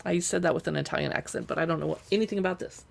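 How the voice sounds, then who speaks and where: Over a streaming setup, a woman pages through cookbooks live, chatting casually and reading recipe lists aloud as she thinks out loud. Her voice is low and gravelly, and she speaks at a racing pace.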